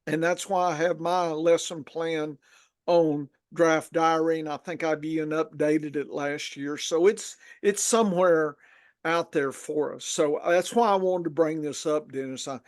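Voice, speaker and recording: A man's voice: on the high side, steady tone, a little slow, dry recording, clean studio sound. A man with a Southern US accent, from Arkansas, hosting a podcast in a rambling, folksy way. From Arkansas, USA. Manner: rambling, folksy, lots of restarts. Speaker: podcast host. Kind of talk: casual podcast chat.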